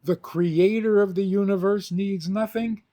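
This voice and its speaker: An older man, a rabbi, teaching with an animated story, acting out the quotes and laughing often. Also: sits high, measured pace.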